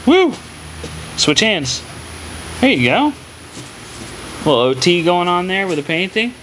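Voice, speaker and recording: A vlogging dad with a high, sing-song, fairly bright voice speaks at a moderate pace as he cheerfully guides his daughter through painting at home. The audio is poor, with a little hiss or hum, and he keeps his cues short and repeated.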